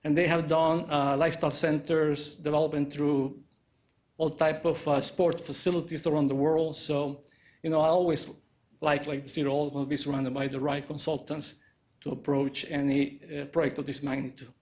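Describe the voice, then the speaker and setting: A man presenting an architecture project at a press conference, speaking haltingly with many fillers. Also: fairly high pitch, level tone, a little mellow. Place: indoor press conference room.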